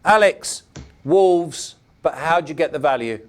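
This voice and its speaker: A man hosting a betting panel, briskly reading out odds and passing questions to the others. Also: fairly high pitch, expressive. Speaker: host. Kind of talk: casual panel chat.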